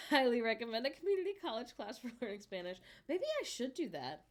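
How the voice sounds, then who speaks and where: A woman's voice: a little high, big pitch swings, fairly quick. A woman in her thirties, chatting casually as a streamer and answering her viewers' messages. She talks in a loose, chatty way and laughs often.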